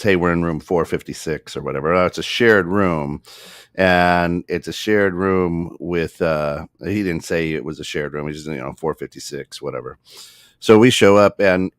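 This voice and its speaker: A deep-voiced man tells stories in a loose, halting way, full of fillers and restarts and breaking into laughter. The sound is dry and close, with no room around him. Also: no room sound. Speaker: podcast guest. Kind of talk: casual storytelling chat.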